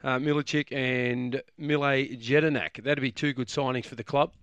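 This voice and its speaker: Male co-host on sports radio, smooth resonant voice, dry studio. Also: medium pitch, fairly even intonation, normal speed, fairly bright tone, no echo, lo-fi sound.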